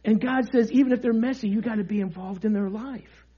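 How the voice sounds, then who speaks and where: High-voiced joking preacher. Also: male voice, brisk, slightly rough, lo-fi sound. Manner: lively, joking, call-and-response preaching. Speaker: pastor. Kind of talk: sermon.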